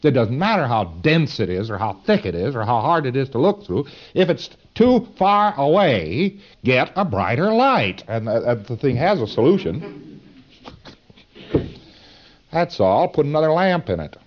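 A man's voice: medium pitch, sing-song, moderate pace, pauses often, dull audio. A man giving a lecture to students in a folksy, emphatic, digressive way.

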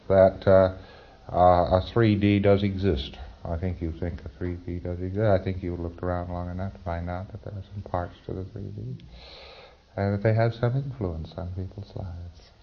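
A man's voice: deep voice, muffled recording. A man giving a recorded training lecture in a wry, conversational way, acting out little exchanges and chuckling at his own points.

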